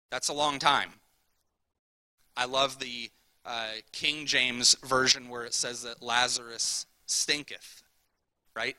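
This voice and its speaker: A man preaching a sermon in a conversational way, often asking "right?" and moving between quiet asides and loud emphasis. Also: mid-range voice, no room sound, low-quality recording. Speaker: pastor.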